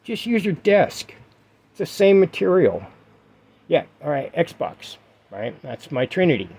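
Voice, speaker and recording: A man's voice: fairly high pitch, very animated, unhurried, darkish tone, slightly rough. A middle-aged man giving casual vlog advice to his viewers, emphatic and repetitive, with lots of fillers. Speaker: gaming vlogger. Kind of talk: casual vlog talk to camera.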